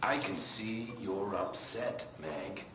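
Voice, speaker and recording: An actor playing a creepy, soothing uncle figure talking to a child in a video game cutscene. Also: male voice, lowish voice, animated, slow. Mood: cooing. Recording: roomy echo, game noise behind.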